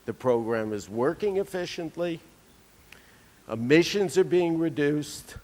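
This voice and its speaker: A man delivering a conference keynote, telling anecdotes with dry humor. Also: on the high side. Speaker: keynote speaker. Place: conference hall. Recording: reverberant lecture hall.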